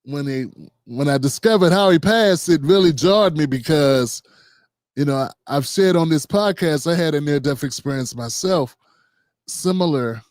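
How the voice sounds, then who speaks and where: A man in his fifties, co-hosting a podcast panel, talking reflectively with frequent pauses and fillers. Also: fairly high pitch, a little mellow, no room sound, studio quality. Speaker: podcast co-host. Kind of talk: panel discussion.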